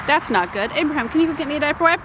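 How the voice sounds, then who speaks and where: A woman's voice: high voice, animated, racing, noisy background. A woman vlogging casually while she works on a building project at her campground, chatty and self-deprecating. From United States. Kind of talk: casual vlog narration. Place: outdoor campground building site.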